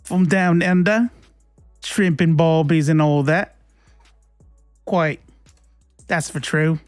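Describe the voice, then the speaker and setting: A man's voice: on the high side, fairly even intonation, slow, clear, resonant tone, dry recording. A cheery mock-Australian persona with a lifted, sing-song voice, put on by a man. It sounds playful and jokey, in dry livestream banter with faint music underneath.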